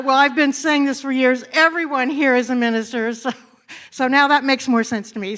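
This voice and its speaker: A woman senior minister welcoming her congregation and then guiding them through a slow, soft meditative prayer in a church sanctuary. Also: high-pitched.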